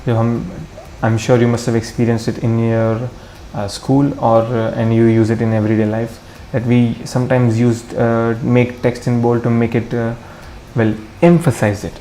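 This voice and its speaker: Mellow-voiced man thinking aloud. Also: medium pitch, level tone, normal speed, hardly any pauses, a little hiss or hum. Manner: thinks aloud, corrects himself, mixes Hindi into English. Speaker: coding tutorial host. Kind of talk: screen-recorded coding walkthrough.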